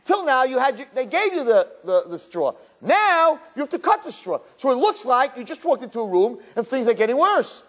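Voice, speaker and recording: God as an urgent, commanding voice, pitched high and swinging widely, as a preacher acts him out. He presses each point hard. The voice has a husky edge. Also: very animated, takes it slowly, exaggerated voice. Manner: urgent, emphatic.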